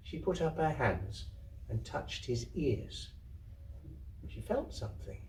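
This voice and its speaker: A man giving a slow, measured live reading of a literary story at a community festival hall. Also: medium pitch, expressive, mellow. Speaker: reader. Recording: roomy, distant hall recording.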